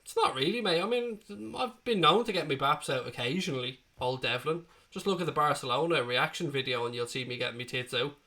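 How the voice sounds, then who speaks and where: Fairly quick and with few pauses, an Irish man in his thirties keeps a live football watchalong going, answering chat questions one by one in a casual, matey style. His voice is medium-pitched, bright and forceful, and he's recovering from illness.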